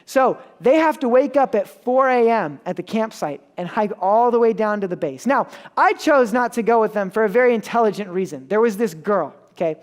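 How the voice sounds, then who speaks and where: Give me a young male preacher telling a story in a relaxed, self-mocking way. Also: sits high, brisk, hardly any pauses. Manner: casual and self-mocking, acts out the people in his stories. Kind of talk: storytelling sermon.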